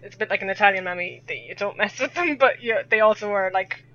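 A woman's voice: mid-range voice, quick pace, fairly bright tone, muffled recording. A woman with a West of Ireland accent from Sligo, chatting as a podcast guest in a chatty, rambling way. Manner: chatty, rambling, laughs often. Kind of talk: casual podcast chat.

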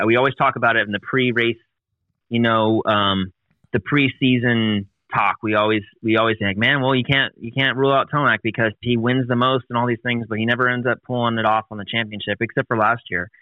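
A man chatting casually and rambling, circling back and restarting his sentences. The sound is a little dull and dry, close to the mic. His pitch sits in an ordinary middle range. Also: steady tone, fairly quick, dry recording. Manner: rambling, restarts often, laughs easily. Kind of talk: casual chat.

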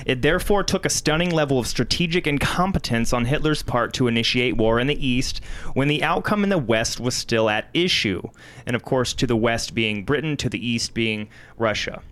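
A man's voice: mid-range voice, normal speed, a bit bright, clear, resonant tone. A man with an Ohio accent co-hosting a podcast, reading history notes aloud. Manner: reads history aloud, breaks into laughs. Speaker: podcast co-host.

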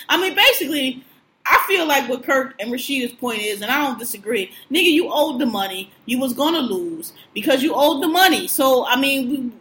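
A woman co-hosting a casual show chat, animated, slangy and profane, often breaking into laughs. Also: sits high, fairly quick. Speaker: podcast co-host. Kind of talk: casual chat recapping TV shows.

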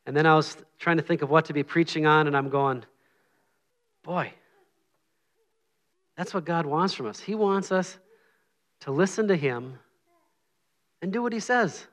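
A man's voice: fairly high pitch, a little slow, pauses often, a bit bright. Earnest, humble man preaching casually. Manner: earnest, humble, conversational with frequent sighs. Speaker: lay preacher. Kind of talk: informal sermon with prayer.

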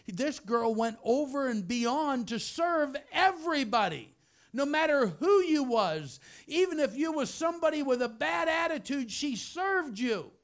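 A man preaching through a personal story, swinging from hushed softness to loud shouting. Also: very high-pitched. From United States. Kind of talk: storytelling sermon.

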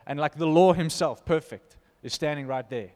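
A man preaching an informal sermon, reading scripture aloud and commenting with animated emphasis. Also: fairly high pitch, normal speed, in a large hall. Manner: animated, emphatic, laughs between points.

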